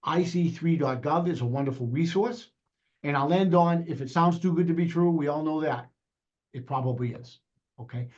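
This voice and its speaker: A man presenting on a video call, talking fast and plainspoken, with many fillers. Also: a little high, a little mellow, dull audio. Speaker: sheriff's department presenter.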